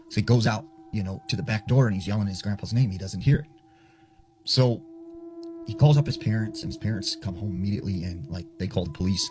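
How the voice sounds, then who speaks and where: A man's voice: on the low side, noisy background. A man casually telling a spooky story, chatty and loose, full of filler words. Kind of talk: casual spoken ghost story. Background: music.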